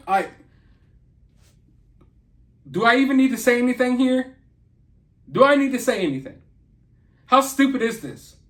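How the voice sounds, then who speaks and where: This commentary channel host has an extremely high, fairly bright voice and speaks expressively and without hurry, leaving long pauses. On his opinion vlog he sounds indignant, emphatic and mocking.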